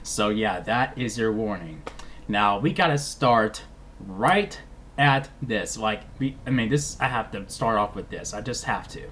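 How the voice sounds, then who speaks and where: A man giving a casual movie review vlog, rambling and animated, with lots of restarts. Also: fairly low pitch, unhurried, a little hiss or hum.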